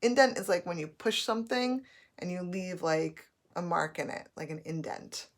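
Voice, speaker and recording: A woman teacher giving a slow, patient phonics lesson to young children, spelling out letters as she goes. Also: on the low side, lively intonation.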